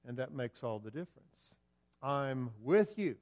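A man preaching a sermon, building to loud emphatic peaks and dropping low and slow. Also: lively intonation.

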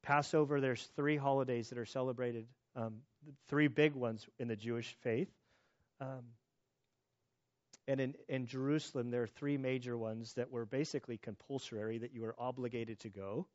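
A man's voice: medium pitch, fairly even intonation, moderate pace, no echo, lo-fi sound. A man in his thirties preaching a sermon as pastor, in a loose conversational way with restarts and asides.

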